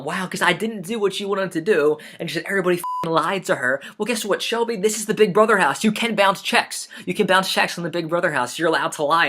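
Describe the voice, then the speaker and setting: A man's voice: sits high, a bit bright. A man contestant in a confessional, indignant and ranting. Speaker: online game contestant.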